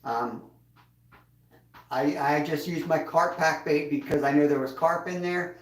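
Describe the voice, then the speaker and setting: A man's voice: a little high, measured pace, distant mic. A man hosting a casual livestream, chatting in a laid-back way and chuckling as he reads out viewer comments. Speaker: livestream host. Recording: echoey room, voice off-mic.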